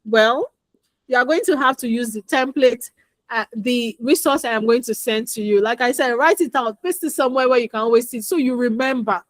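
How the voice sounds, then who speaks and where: Woman, parenting coach, fairly high voice, dry close sound, chatty and repetitive. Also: fairly quick, no echo. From Nigeria. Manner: chatty, repeats advice, acts out dialogue. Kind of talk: instructional talk with anecdotes.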